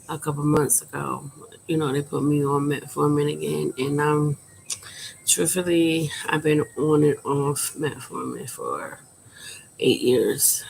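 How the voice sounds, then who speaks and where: Quiet, gravelly-voiced woman in her thirties. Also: sits low, a little hiss or hum, low-quality recording. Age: 30s. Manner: quiet, subdued speaking volume; frank, rambling, with frequent fillers. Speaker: vlogger. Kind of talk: candid personal vlog talk.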